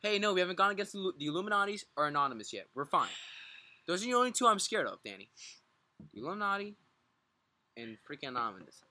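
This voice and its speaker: In casual podcast banter, a male co-host jokes excitably, swears a lot and laughs often, his speech thick, mumbled and run together. His voice sits high with a quick pace but long pauses, recorded dry.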